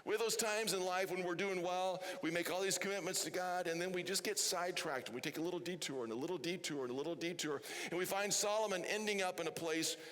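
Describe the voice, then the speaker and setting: A man's voice: high voice, quick pace, few pauses, fairly bright tone, in a large hall. A man preaching a sermon as pastor, chatty and often asking the congregation questions. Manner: chatty, asks the crowd questions. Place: church hall.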